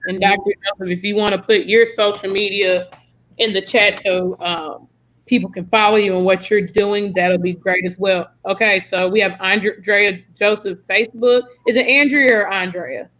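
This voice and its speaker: A woman's voice: medium pitch, fairly even intonation, moderate pace, a bit bright, poor audio. Young american woman, podcast host, chatty, lots of ums. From United States. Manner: chatty, friendly, lots of fillers. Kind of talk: casual video-call podcast chat.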